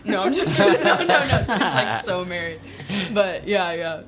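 A woman's voice: lowish voice, normal speed, a loud crowd. A woman telling a funny personal story to a small group, laughing often and saying "like" a lot. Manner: giggly, peppered with "like", lively asides. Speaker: guest storyteller.

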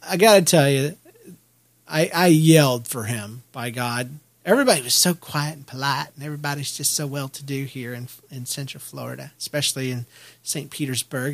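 A middle-aged man from Kansas City hosting his own podcast, talking in a candid, rambling, self-deprecating way with frequent restarts. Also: a little high. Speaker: podcast host. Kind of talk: personal podcast monologue.

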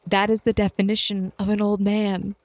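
A woman's voice: medium pitch, level tone, normal speed, darkish tone, dry recording. A woman playing a tabletop role-playing game, teasing and narrating her character's actions. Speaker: tabletop player.

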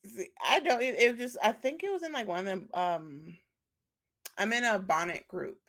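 A woman co-hosting a podcast in casual chat, animated, laughing often and acting out quoted voices. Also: medium pitch, moderate pace. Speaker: podcast co-host.

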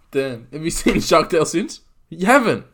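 A man's voice: a little high, very animated, normal speed, fairly bright tone. A young man co-hosting a podcast, trading crude, teasing banter. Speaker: podcast co-host. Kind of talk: casual chat.

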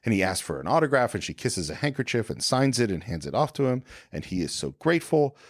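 A man's voice: medium pitch, sing-song, fast, no echo, studio quality. A man co-hosting a film podcast, casually retelling a movie scene by scene and briefly acting out the characters' lines. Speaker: podcast co-host.

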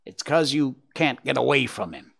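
A man voicing a bitter, loud female crow in a storybook reading, scolding the other animals. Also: mid-range voice, lively intonation, moderate pace, creaky. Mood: grave.

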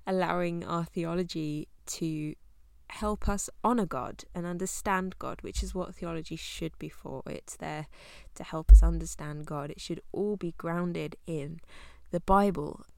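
A young woman teaching through a Bible book in a relaxed, conversational way, often laughing as she talks. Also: on the low side, unhurried, gravelly, no room sound, studio quality.

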